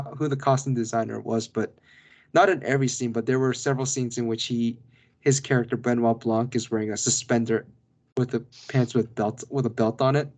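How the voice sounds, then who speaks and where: A man's voice: mid-range voice, a little mellow. A man co-hosting a podcast, chatting casually about a film with many restarts and asides. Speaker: podcast co-host. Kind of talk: casual film review chat.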